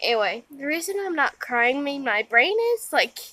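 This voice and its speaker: A woman's voice: sits high, expressive, moderate pace, bright, forceful tone, low-quality recording. A tired young woman giving a rambling, casual vlog update outdoors in the wind, full of fillers and restarts. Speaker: vlogger.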